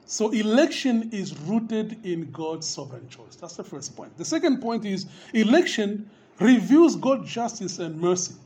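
A man's voice: high voice, sing-song, unhurried, a little mellow. A man preaching a sermon, speaking emphatically to his listeners, calling them dear friend and rising on repeated questions.

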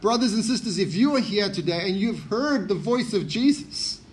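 A man's voice: sits high, lively intonation, moderate pace, slight background noise. A man preaching a sermon, emphatic and often repeating key phrases for stress.

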